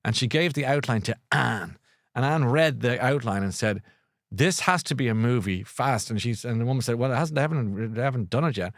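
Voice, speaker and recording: This Irish podcast host, middle-aged, speaks at medium pitch and a brisk pace, rambling casually about a book he recommends and often restarting or correcting himself. The studio-quality recording has no room sound.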